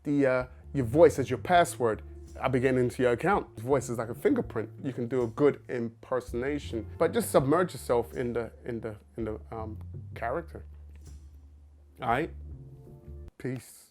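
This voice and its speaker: A man's voice: mid-range voice, lively intonation, moderate pace, a little mellow, soft background music. Man actor talking casually. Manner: conversational, restarts and quoted asides. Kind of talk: casual talk to camera.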